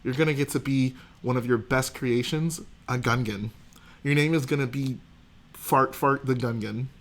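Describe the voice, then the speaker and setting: A man's voice: medium pitch, normal speed, natural voice. A man doing a light impression of a woman studio executive, sweetly apologetic and patronizing. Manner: overly sweet, falsely apologetic.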